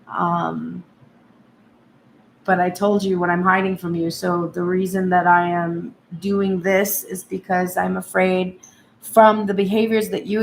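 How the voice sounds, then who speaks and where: A woman's voice: medium pitch, creaky. Woman tarot reader, channeled first-person reading, intense, echoey room. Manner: heated, speaks in first person as the partner. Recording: roomy echo, faint background hum.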